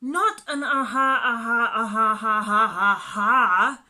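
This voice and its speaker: A woman voicing a fed-up wasp with a silly name, loud and emphatic as it insists. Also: a little high, expressive, slow, pitched above the performer's own voice, full character voice. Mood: insistent.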